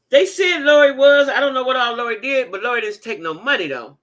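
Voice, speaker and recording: Lively, emphatic woman vlogger. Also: on the high side, brisk, hardly any pauses. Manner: animated, emphatic, laughing storytelling. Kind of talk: casual commentary vlog.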